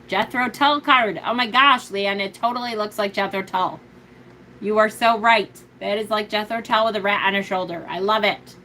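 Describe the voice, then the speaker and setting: A chatty woman hosting a casual tarot live stream, gushing over her decks and thinking aloud as she answers viewers. Her voice sits at a moderate pitch, and a faint hiss runs underneath. She slows down and lowers her voice when she reads a card's meaning aloud. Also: sharp tone, poor audio. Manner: reads card descriptions aloud slowly and low. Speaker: tarot reader and livestream host.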